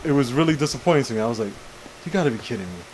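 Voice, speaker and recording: Fast-talking young man telling a rambling story. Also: mid-range voice, lively intonation, darkish tone, slight background noise, poor audio. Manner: rambling storyteller, repeats "how you call it". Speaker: podcast co-host. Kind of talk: casual chat.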